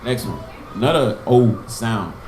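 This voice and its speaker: A man's voice: medium pitch, animated, a little slow, echoey room, noisy background. A man teaching an informal Hebrew class, patiently sounding out and repeating each word and giving memory tricks. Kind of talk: informal online language lesson.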